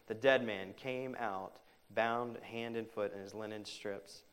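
A pastor delivering a sermon, moving between loud emphatic stretches and hushed, quiet quotations, with conversational asides to the congregation. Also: male voice, on the low side, steady tone, measured pace.

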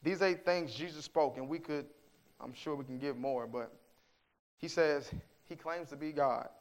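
A man preaches a sermon in a slightly high voice at a measured pace. His delivery is emphatic, moving from hushed to forceful as he poses rhetorical questions and quotes scripture.

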